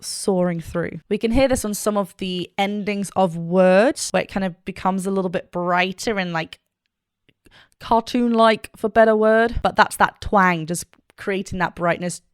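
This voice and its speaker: A woman's voice: mid-range voice, unhurried, clear, resonant tone, no room sound, studio quality. A woman vocal coach reacting to a performance and analyzing it, enthusiastic and technical, now and then singing short vocal demonstrations.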